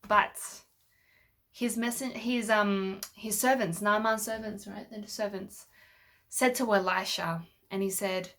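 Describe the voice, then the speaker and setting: A woman's voice: mid-range voice, fairly even intonation, slow pace, fairly bright tone. A woman telling a Bible story to children with toy figures, patiently asking them questions as she goes. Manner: patient, asks the listener questions.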